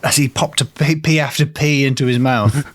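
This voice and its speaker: An English man co-hosting a podcast, listening to a tale and cutting in with quick jokes. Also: mid-range voice, steady tone, no room sound, clean studio sound. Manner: quick quips, puts on silly voices. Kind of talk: casual comedic chat.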